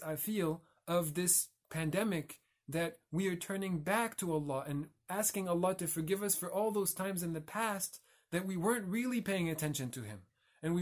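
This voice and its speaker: A man giving a reflective religious talk as a teacher, explaining and carefully pronouncing Arabic terms. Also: high-pitched.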